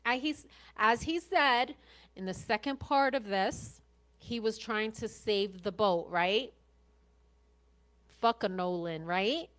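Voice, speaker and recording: A woman's voice: medium pitch, slow pace, pauses often, fairly bright tone. A woman podcast host commenting on interview clips, blunt and sarcastic, swearing freely.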